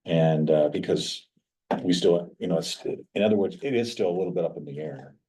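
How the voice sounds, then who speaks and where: A man with a very deep, dark voice reporting at a county work session in a meeting room. He rambles and restarts his sentences as he explains. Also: normal speed, rough recording. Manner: rambling, with false starts. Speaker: county staff member.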